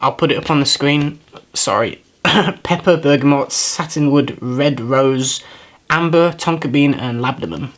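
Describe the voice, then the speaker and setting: A man's voice: on the high side, a little slow. A man giving a casual, first-impressions review of perfumes, talking in a thoughtful, hesitant way, often repeating words as he searches for them and apologizing for himself. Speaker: fragrance reviewer.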